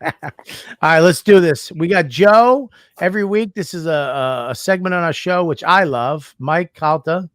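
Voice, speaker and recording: This podcast co-host speaks at an ordinary pace in a fairly high, fairly bright male voice, captured cleanly in a studio with no room sound. Laughing and cursing freely, he trades stories in a relaxed conversation.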